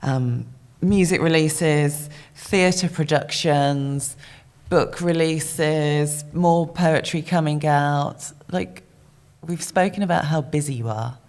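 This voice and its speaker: A woman hosting an interview in a casual chat style, encouraging her guest with quick affirmations. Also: low voice, darkish tone. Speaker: interviewer, host.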